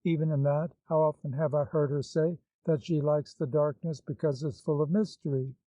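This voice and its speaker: A man's voice: fairly high pitch, fairly even intonation, normal speed, warm tone, no echo, close to an everyday voice. A man reading an anxious, pleading old lady. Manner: pleading, fretful. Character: anxious, devoted older woman servant. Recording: slightly dull, dry recording.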